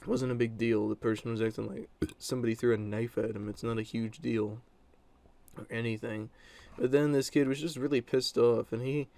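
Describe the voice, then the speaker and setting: A young man tells a story from his school days to the camera in a loose, casual monologue. His voice sits at an everyday pitch with a noticeable gravelly fry. He talks bluntly, with lots of fillers and the odd crude word. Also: steady tone, normal speed, mellow.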